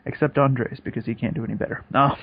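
A man's voice: mid-range voice, fairly even intonation, quick pace, breathy edge, dry recording. A young man co-hosting a podcast, talking in a profane, laid-back, joking way. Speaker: podcast co-host. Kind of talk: casual chat. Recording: dull lo-fi podcast audio.

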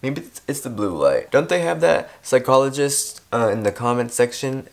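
Rambling, lively-voiced man vlogging. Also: mid-range voice, normal speed, gravelly. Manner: rambling, self-deprecating, swears freely. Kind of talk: casual chat. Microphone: clip-on or desk mic.

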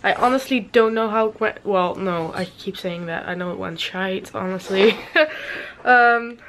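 A woman's voice: mid-range voice, a little slow, fairly bright tone, a little hiss or hum. A young woman talking casually to her camera as a vlogger, chatty and self-deprecating with frequent giggles. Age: young adult. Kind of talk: casual vlog chat.

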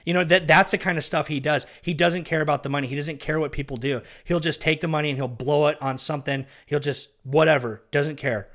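A man's voice: on the high side, fairly even intonation, brisk, hardly any pauses, a bit bright. A man talking casually and with agitation, repeating himself and venting about someone he used to work with. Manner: agitated, emphatic, repeats himself, insults and addresses an absent person directly. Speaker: former ministry worker telling his story. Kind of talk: casual ranting monologue.

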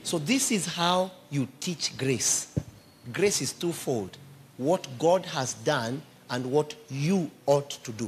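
A man's voice: mid-range voice, lively intonation, measured pace, a little hiss or hum. A man preaching a sermon, emphatically quizzing his congregation with questions.

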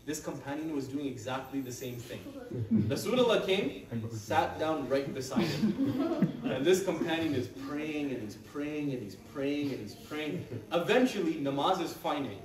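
A man teaching a group of children, telling a story in a lively, playful way and dropping to a hush for quoted lines. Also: fairly high pitch, normal speed. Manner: animated, playful, acts out quotes in a hushed voice. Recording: echoey room, from a distance, with noise.

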